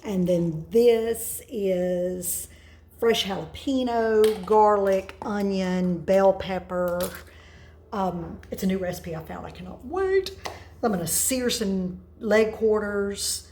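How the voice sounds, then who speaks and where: A woman, chatting excitedly and telling stories while cooking in her home kitchen. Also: medium pitch, takes it slowly, slight background noise, rough recording. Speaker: home cook host. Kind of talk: casual cooking video chat.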